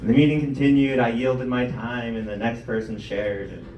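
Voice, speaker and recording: A man's voice: mid-range voice, steady tone, normal speed, reverberant, far from the mic, dull audio, a little hiss or hum. A young man hosting a comedy show and doing stand-up, telling self-deprecating stories with acted-out quotes. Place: comedy club stage.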